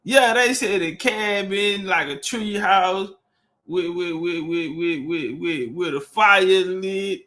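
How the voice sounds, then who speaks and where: A man's voice: high-pitched, takes it slowly, bright, forceful tone. A man hosting a livestream, talking loosely and profanely and repeating words as he searches for the next one. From Texas. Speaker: livestream host. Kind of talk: casual livestream talk.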